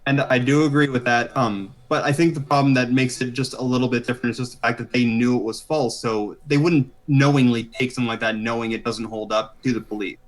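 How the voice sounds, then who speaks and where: A man debating on a stream who talks at a rapid clip, hedging and readily conceding points. He sounds jittery and wired, with a mid-range voice. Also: medium pitch, fairly even intonation. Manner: fast, hedging, conciliatory. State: jittery from energy drinks. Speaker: debate guest. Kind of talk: casual debate over a voice call.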